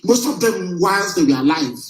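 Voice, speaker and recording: A man's voice: sits high, lively intonation, normal speed. A man delivers a defiant, combative address in a slightly raised voice. The sound carries a roomy echo, as if spoken in a bare room. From southeastern Nigeria. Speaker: movement leader. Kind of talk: broadcast political address.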